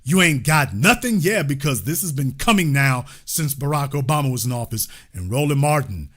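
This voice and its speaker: A man's voice: medium pitch, big pitch swings, normal speed, fairly bright tone, slightly rough. A man hosting a political livestream, talking in a sarcastic, mocking way to his chat. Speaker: livestream political show host. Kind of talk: livestream commentary.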